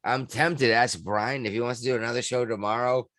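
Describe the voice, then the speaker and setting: A man's voice: medium pitch, fairly even intonation, fairly quick, a bit bright, no echo. A man hosting a podcast, chatting crudely and rambling with a laugh. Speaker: podcast host. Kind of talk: casual podcast chat.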